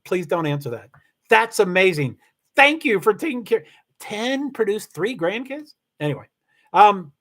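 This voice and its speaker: A middle-aged man hosting a casual livestream, talking in a rambling, halting way with many restarts and fillers, candid and confessional about his life. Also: high-pitched, a bit bright. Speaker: livestream host. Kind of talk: casual personal livestream talk.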